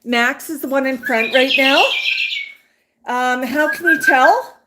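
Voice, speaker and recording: A woman's voice: sits high, takes it slowly. A woman playing catch with her pet birds and talking to them in doting baby talk. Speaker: pet parrot owner. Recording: echoey room with clear noise.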